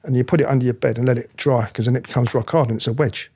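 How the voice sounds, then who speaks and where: A middle-aged man telling his story in an interview, animated, acting out other people's voices, often restarting his sentences. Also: mid-range voice, very fast, breathy edge. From England. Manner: animated, acts out quoted voices, frequent restarts. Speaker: interviewee, former police officer.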